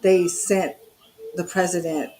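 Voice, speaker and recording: A woman's voice: fairly low pitch, flat delivery, slow pace, warm tone, slight background noise, rough recording. Chatty woman giving movie commentary. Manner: chatty, laughs often. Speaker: watch party co-host. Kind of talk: casual movie commentary chat.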